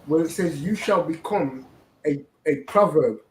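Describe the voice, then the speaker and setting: A man's voice: a little high, unhurried, slight background noise. Preachy man in an echoey room. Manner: preachy, repeats "right?". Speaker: host. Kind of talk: religious commentary.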